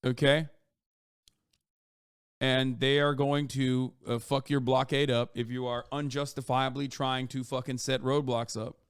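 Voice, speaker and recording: A man streaming, ranting in casual commentary with a profane, mocking edge that swings from low mutters to loud outbursts. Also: flat delivery, measured pace, clean tone, dry recording, clean studio sound.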